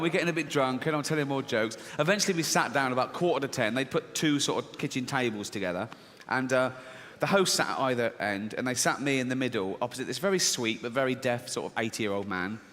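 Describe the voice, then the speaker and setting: A male stand-up comedian telling a story in a relaxed, conversational way. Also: mid-range voice, a little hiss or hum. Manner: conversational, storytelling, self-amused. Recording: live venue with long reverb, faint ambience.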